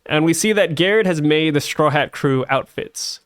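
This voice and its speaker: A man's voice: on the high side, normal speed, smooth. A young man co-hosting a casual podcast, laid-back and teasing as he recaps. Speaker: podcast co-host. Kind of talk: casual chat.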